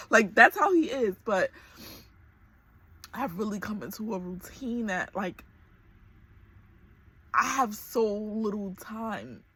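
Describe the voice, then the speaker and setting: A woman's voice: mid-range voice, fairly bright tone, husky. A woman in her forties talking candidly to camera in a personal vlog, emotional and close to tears. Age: 40s. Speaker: vlogger.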